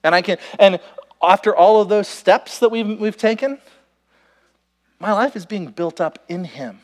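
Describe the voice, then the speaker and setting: Young guy preaching, high voice all over the place, acting out convos and stories. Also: unhurried. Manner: animated storytelling, quotes himself and others. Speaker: pastor. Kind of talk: sermon with acted-out illustration.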